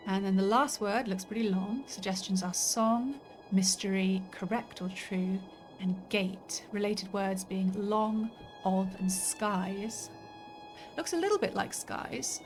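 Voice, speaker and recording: A woman's voice: medium pitch, slow. Chatty woman streamer thinking aloud. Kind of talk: let's play commentary. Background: faint game music.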